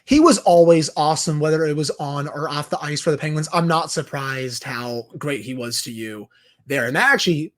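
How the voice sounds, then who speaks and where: A man's voice: on the high side, moderate pace. A young man co-hosting a sports podcast, reading listener questions in a casual, upbeat way. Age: young adult. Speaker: podcast co-host.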